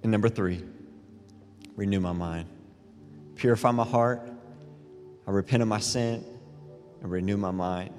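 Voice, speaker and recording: A middle-aged man preaching a sermon as a pastor, telling animated, self-deprecating stories between scripture readings. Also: fairly low pitch, unhurried, long pauses. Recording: long reverb in a large hall with faint music.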